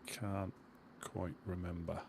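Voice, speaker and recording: Streaming a game, a man with a Suffolk accent chats casually and mutters to himself while sorting his gear. His voice is deep, gravelly and slow, with a level tone, and there's noise in the background.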